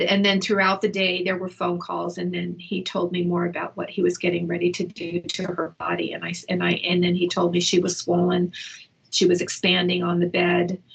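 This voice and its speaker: Middle-aged woman, low flat gravelly voice, halting and shaken, telling her story in an interview at home. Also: slight background noise, low-quality recording. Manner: halting, emotional retelling with restarts. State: shaken, upset. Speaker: interview guest, mother. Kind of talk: personal account in an interview. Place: indoors at home.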